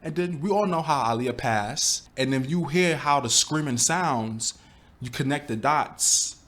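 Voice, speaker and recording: A man's voice: mid-range voice, animated, measured pace, a bit bright. A man giving a reaction commentary to his viewers, exasperated and rhetorical, often asking them questions directly. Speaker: YouTube commentator.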